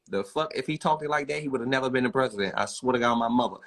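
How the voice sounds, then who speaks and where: A man's voice: medium pitch, rapid-fire, creaky, hardly any pauses, a bit bright. Blunt Baltimore man ranting. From Baltimore, USA. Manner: blunt, profane, emphatic. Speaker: livestreamer. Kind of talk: ranting livestream talk.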